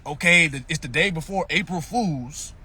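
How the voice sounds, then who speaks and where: A man's voice: on the high side, moderate pace, sharp tone, breathy edge. A man in a casual ranting monologue on a phone live stream, mocking and profane, firing off rhetorical questions.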